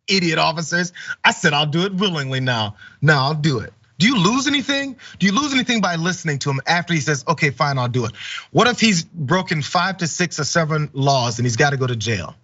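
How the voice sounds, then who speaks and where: A man's voice: mid-range voice, a bit bright, no echo, muffled recording. A man hosting online news commentary, talking loosely with many fillers and pressing indignant rhetorical questions.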